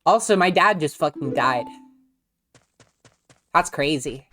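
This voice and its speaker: A woman's voice: low voice, lively intonation, slow. A woman casually chatting and swearing while streaming a video game, rambling with frequent laughs.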